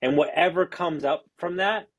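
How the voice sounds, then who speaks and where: A man's voice: on the high side, moderate pace, no room sound, highs cut off. A man hosting a podcast as a life coach, speaking bluntly and directly and swearing casually. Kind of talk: conversational podcast talk.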